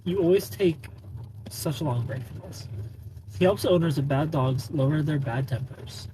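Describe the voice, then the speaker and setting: Male streamer, slightly high voice, playful, laughs a lot, faint noise behind. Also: normal speed, dark tone. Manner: greets viewers by name, laughs often, playful. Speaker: live streamer. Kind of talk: casual live-stream chat.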